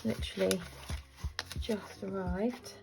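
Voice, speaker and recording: A woman's voice: medium pitch, fairly even intonation, slow, creaky, loud music behind the voice. A woman in her thirties, a budgeting vlogger chatting casually to camera in a rambling, self-deprecating way.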